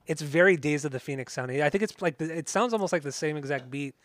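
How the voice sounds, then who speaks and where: A man's voice: a little high, quick pace, fairly bright tone, no room sound. A man co-hosting a casual music podcast, swearing freely and sometimes singing along. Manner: profane, bursts into singing along. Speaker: podcast co-host.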